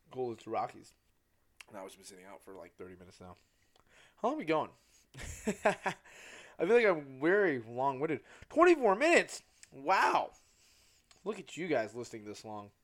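A young man from Southern California hosting a casual solo podcast, rambling, joking at his own expense and swearing freely. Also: mid-range voice. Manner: loses track and corrects himself mid-sentence. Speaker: podcast host.

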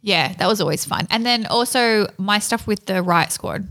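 A woman's voice: medium pitch, normal speed, bright, forceful tone. Woman podcast co-host, easygoing, jokey, mid-range voice. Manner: laid-back, laughs easily, jokey. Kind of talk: casual chat.

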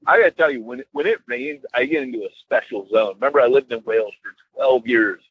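A man's voice: mid-range voice, fast talker, breathy edge, dry recording, phone-quality sound. A man co-hosting a podcast in casual chat, playful and teasing, talking over a remote call. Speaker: podcast co-host. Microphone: remote call mic.

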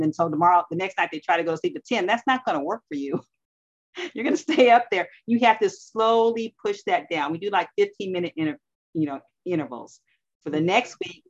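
A woman with a very low voice co-hosting a casual wellness talk. She agrees readily and explains things with frequent "you know" fillers. Her audio is muffled and lo-fi. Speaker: podcast co-host.

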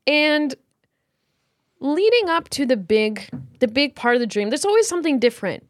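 Animated young woman telling a story. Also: fairly high pitch, dry recording, studio quality. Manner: animated storyteller, swearing, laughing. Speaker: podcast co-host. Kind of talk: casual chat.

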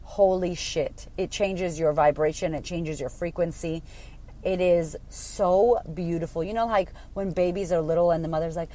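A woman's voice: fairly low pitch, normal speed, mellow. A woman in her thirties hosting a casual solo podcast as a coach, blunt and emphatic, swearing freely.

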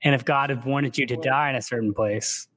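A man's voice: mid-range voice, brisk, dry recording. Man retelling a novel casually. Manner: animated retelling, slips into character quotes. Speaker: book podcast co-host. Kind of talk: casual book discussion with read-aloud passages.

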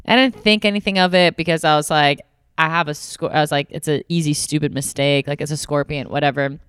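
A woman's voice: low-pitched, moderate pace, clean tone, no echo, clean studio sound. A young adult woman co-hosting a casual chat, telling a long story with lots of swearing and acted-out quotes. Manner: animated, swears freely, acts out quoted voices. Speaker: podcast co-host.

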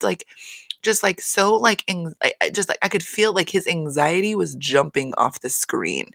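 A woman's voice: fairly low pitch, gravelly, fairly bright tone, no echo, clean studio sound. A woman giving a casual, chatty recap of a reality show, swearing freely and laughing between points.

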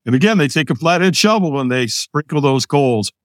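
An older American man, a podcast guest, telling a personal story in an animated way and acting out the lines of other people. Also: a little high, brisk, dry recording, studio quality. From United States.

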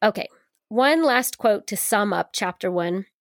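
A woman's voice: mid-range voice, lively intonation, unhurried, no room sound, studio quality. A woman co-hosting a podcast, talking earnestly about a book in a casual conversational way, with fillers and restarts.

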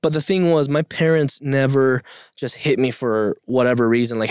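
A young man shares his story as a podcast guest, earnest and plain-spoken, breaking into laughs now and then. His voice sits at a middle pitch and sounds dry and close to the mic. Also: level tone, moderate pace, darkish tone, clear, resonant tone, no echo. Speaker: interview guest. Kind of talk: casual podcast conversation.

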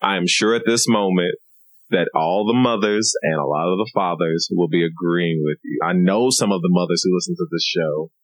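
A man with a very deep voice co-hosts a casual podcast. He speaks in a calm, measured way and mostly agrees. The sound is dry and close. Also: no room sound, rough recording. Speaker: podcast co-host.

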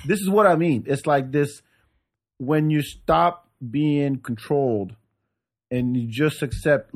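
A man's voice: fairly high pitch, slow pace. A male podcast host chatting casually, laid-back, joking and opinionated. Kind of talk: casual chat.

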